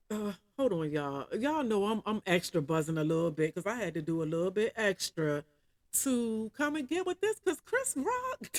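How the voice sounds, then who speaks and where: A woman's voice: medium pitch, no room sound. A woman commentating on camera, reading out an article and breaking off often to talk to her viewers. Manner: keeps calling the audience y'all. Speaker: video commentator reading a news article aloud. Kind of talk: casual reaction commentary.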